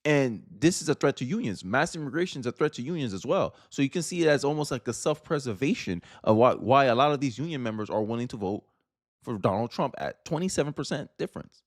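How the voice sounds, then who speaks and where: A man's voice: medium pitch, lively intonation, fast talker, no room sound, studio quality. A man giving casual video commentary, blunt and opinionated, ranting about politics.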